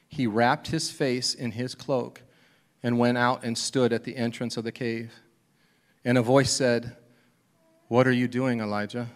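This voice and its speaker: A man preaching a sermon as pastor, retelling a scripture story and acting out its scenes, dropping to a whisper for the quiet moments. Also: mid-range voice.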